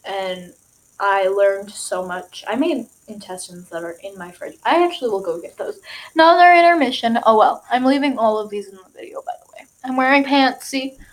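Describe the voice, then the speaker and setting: A young woman from Michigan talking in a rambling, excitable way, with many fillers, in a casual vlog. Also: mid-range voice, normal speed, rough recording. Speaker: vlogger.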